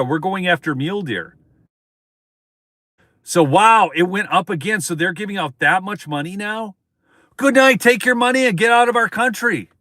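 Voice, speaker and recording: Male stream host, higher-pitched, emphatic and repetitive, dry close-miked sound. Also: fairly bright tone, no room sound. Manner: emphatic, repeats points, addresses viewers as folks. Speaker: political commentary host. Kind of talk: live-stream political commentary.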